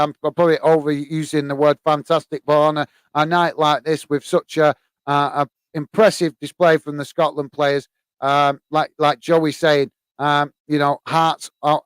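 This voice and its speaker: An English man with a slightly high, fairly bright, smooth voice hosts a live football stream with no room sound. He reads fan comments from the chat aloud, using lots of fillers and friendly "mate" replies.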